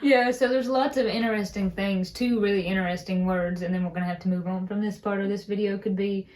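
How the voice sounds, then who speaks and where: A woman's voice: medium pitch, steady tone, brisk, a little mellow. A woman with an Appalachian accent, co-hosting a casual chat and explaining words in an easygoing way. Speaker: co-host.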